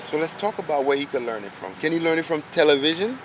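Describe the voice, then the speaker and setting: A man's voice: fairly high pitch, lively intonation, fast, background noise. A man giving a loose, slangy street monologue, preaching and firing off rhetorical questions.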